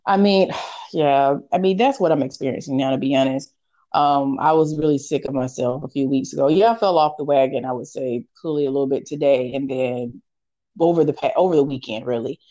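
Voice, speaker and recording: A woman's voice: rumbling low, brisk, dark tone, no echo, dull audio. A woman co-hosting a podcast who talks candidly and reflects on herself in casual chat. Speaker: podcast co-host.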